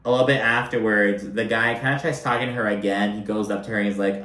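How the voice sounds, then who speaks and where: A man talks through a reality show in a loose, chatty way. He swears freely and keeps dropping in "like". His mid-pitched voice echoes around a roomy space. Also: fast, fairly bright tone. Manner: profane, chatty, filler-heavy with constant "like". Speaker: reality TV recap commentator. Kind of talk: casual commentary.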